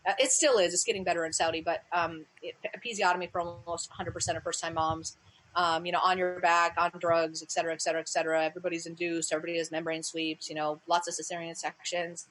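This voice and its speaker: Middle-aged woman, birth educator, fast-talking, lively storyteller. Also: low-quality recording. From United States. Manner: lively storyteller, acts out quotes in a higher voice. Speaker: birth educator and interview guest. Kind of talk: animated storytelling in conversation.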